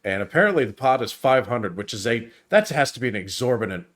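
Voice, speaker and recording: A man's voice: mid-range voice, expressive, fast, fairly bright tone. A man co-hosting a casual movie review chat, rambling and restarting as he walks through scenes. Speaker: podcast co-host leading the review.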